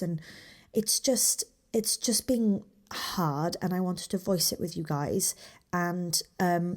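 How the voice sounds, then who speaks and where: A woman in her twenties hosting a solo podcast, talking openly and from the heart, with restarts and soft whispered asides. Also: on the low side. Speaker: podcast host, small business owner. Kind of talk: candid solo podcast talk.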